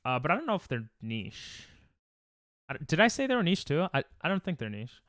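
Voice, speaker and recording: Young guy streamer rambling and joking w chat, bouncy lively pitch, smooth clear voice, dry close mic. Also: a little fast, no echo. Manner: chatty, joking, laughs often, reads chat aloud. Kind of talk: casual live-stream chat while gaming.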